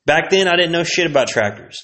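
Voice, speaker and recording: A man's voice: a little high, animated, fast, pushed and bright. A man from Texas hosting a casual solo podcast, rambling through old memories with plenty of swearing. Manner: rambling, profane, laid-back, sipping whiskey. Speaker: podcast host.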